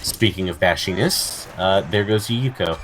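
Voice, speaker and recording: A man's voice: low-pitched, moderate pace, over music. A man casually commentating his own video game match, joking dryly and talking to his game pieces. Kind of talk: casual gameplay banter.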